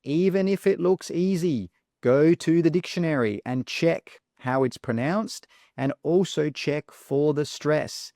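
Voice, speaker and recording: A man teaching English pronunciation in an online lesson, speaking deliberately and repeating each example word. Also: fairly high pitch, dark tone, no room sound, studio quality. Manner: slow, deliberate, repeats words for the learner.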